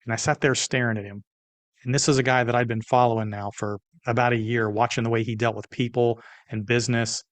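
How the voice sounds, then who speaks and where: Older male guest, animated storyteller, mid pitch, dry close recording. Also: no echo. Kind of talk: casual storytelling interview.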